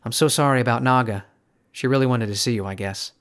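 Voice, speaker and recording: A man voicing an anxious, caring young woman who pleads and scolds in hushed bursts. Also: mid-range voice, fast, clean tone, lightly acted. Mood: worried. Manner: pleading, exasperated whispers and shouts.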